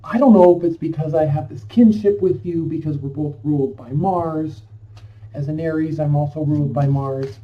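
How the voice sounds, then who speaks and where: A man's voice: fairly high pitch, normal speed. A man giving a casual tarot reading to camera, chatty and rambling in an effusive way, recorded at home. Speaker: tarot reader. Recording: distant, dull lo-fi sound.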